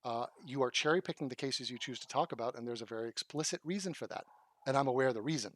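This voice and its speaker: A man's voice: medium pitch, fast, fairly bright tone. Sarcastic, blunt commentator man. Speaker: commentator reacting to video clips. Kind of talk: combative commentary.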